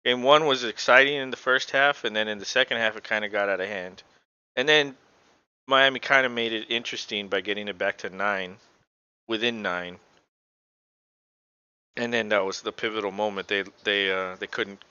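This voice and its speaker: A man's voice: lowish voice, fairly even intonation, normal speed, pauses often, pushed and bright, clear, resonant tone, no room sound, highs cut off. A man casually calling live basketball play-by-play for a podcast, rambling and swearing with lots of fillers. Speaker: podcast co-host.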